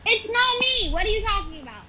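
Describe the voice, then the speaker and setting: A woman's voice: very high-pitched, sing-song, brisk. A young woman asking bemused questions during a casual gaming chat with friends. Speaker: gamer. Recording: loud background noise on mic.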